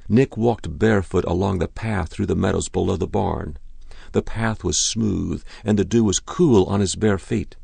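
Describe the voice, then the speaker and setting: A man narrating a short story in a measured, deliberate reading. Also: low-pitched, vocal fry, mellow, slightly rough, dry recording.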